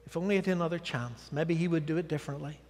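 Male guest preacher, high-pitched, theatrical storytelling delivery, long church reverb. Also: steady tone, rapid-fire. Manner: dramatic storytelling, swinging from loud declarations to hushed asides. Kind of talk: sermon. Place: church sanctuary.

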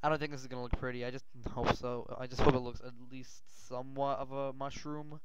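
A male gaming host giving rambling gameplay commentary, often yelling and swearing in panic. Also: medium pitch, fast, very noisy. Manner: rambling, excitable, yells and swears when panicked. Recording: dull lo-fi mic.

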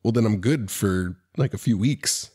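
Low-key man with dry one-liners. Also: a little slow, warm tone, slightly rough. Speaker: podcast co-host. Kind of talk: casual chat.

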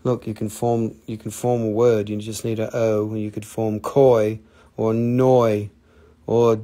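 A man's voice: on the low side, flat delivery, measured pace, warm tone. A man in his forties hosting a live gemstone sales stream, chatting in a playful, rambling, jokey way and swearing casually. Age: 40s.

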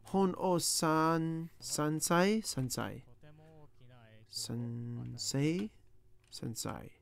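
Slow, gravelly man muttering over study. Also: a little high. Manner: muttering, sounding out words and joking to himself. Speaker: language learner. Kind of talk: self-talk while studying.

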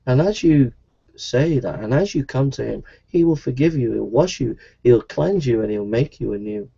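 Guy preaching, earnest and repetitive, mellow tone, kinda dull recording. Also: medium pitch, lively intonation, normal speed, gravelly, slightly rough. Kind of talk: sermon.

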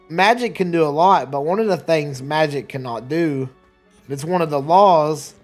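A man rambles through casual let's play commentary, chatty and quick to laugh, now and then tripping over his words. His voice sits a bit higher than most men's. Soft game music plays underneath. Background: faint game music.

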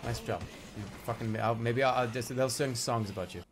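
A man's voice: medium pitch, fairly even intonation, a little fast. A man streaming a video game, joking and rambling with a stuffy nose and a scratchy throat from a coming cold, swearing freely and drilling tongue twisters. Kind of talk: let's-play commentary.

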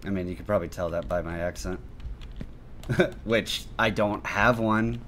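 Excitable man with bright tone. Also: fairly low pitch, unhurried, slight background noise. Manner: excitable, bursts into yelps and shouts, self-mocking jokes. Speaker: gaming youtuber. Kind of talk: gameplay commentary.

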